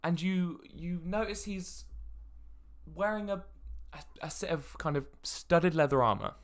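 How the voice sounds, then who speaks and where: A man narrating a tabletop game as dungeon master, describing scenes with halting fillers. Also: sits high.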